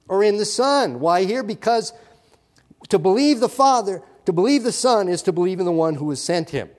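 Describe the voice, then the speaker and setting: A male pastor delivers a sermon in a slightly high voice, pushing key words hard and then easing back to a softer tone. He repeats phrases for emphasis. A long reverb from the hall trails after each line. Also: expressive, normal speed. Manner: emphatic preaching, swings loud and soft, repeats words.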